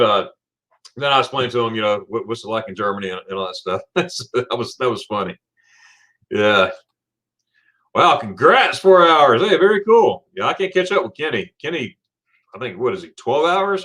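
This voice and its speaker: A man's voice: on the high side, very animated, normal speed, fairly bright tone. A man hosting a casual livestream, chatting loosely, laughing often and reading viewer comments aloud. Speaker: livestream host.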